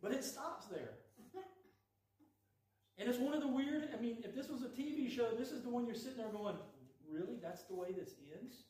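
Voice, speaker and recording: A man's voice: very high voice, normal speed, pauses often. A man preaching a folksy, conversational sermon, retelling a story and acting out the lines of the people in it. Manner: folksy and animated, acts out quoted lines. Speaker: preacher teaching a Bible study. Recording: echoey room, voice from a distance.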